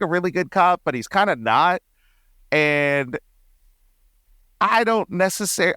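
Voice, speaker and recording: A young man co-hosting a casual movie review podcast, animated and mock-exasperated, often dropping into quoted voices. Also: on the high side, smooth, no room sound, studio quality. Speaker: podcast co-host.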